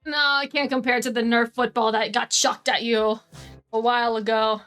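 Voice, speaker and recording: A woman's voice: a little high, flat delivery, moderate pace, a bit bright, soft background music. A young woman playing her character in a tabletop game, sleepy and playful. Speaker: player. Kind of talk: casual tabletop role-play.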